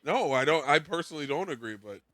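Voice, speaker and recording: Bright-voiced man recapping anime, rambling. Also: a little high, quick pace, no echo. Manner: rambling, animated, quotes characters in raised voice. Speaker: podcast co-host. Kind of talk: casual recap chat.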